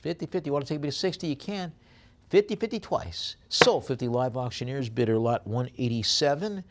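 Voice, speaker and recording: A man working as a live auctioneer, reading out lot descriptions and then rattling off fast bid calls. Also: mid-range voice.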